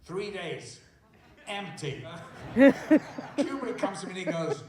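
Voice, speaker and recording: A man in his seventies telling amused, unhurried anecdotes as a guest at a theater Q&A. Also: sits high, very animated, crowd noise. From England. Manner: slow, amused storytelling. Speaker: guest actor. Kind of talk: stage Q&A anecdote. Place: theater auditorium. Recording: distant mic in echoey hall.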